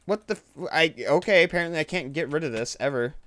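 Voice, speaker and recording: A man casually commentating his gameplay, panicky and exclaiming, quick to laugh. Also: fairly high pitch, sharp tone. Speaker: gaming video host.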